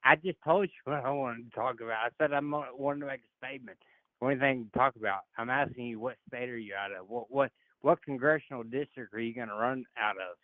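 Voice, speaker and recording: A male caller arguing with the host, aggravated and halting, repeating himself as he goes. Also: mid-range voice, dry recording. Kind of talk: argument on a phone call-in. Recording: tinny phone line.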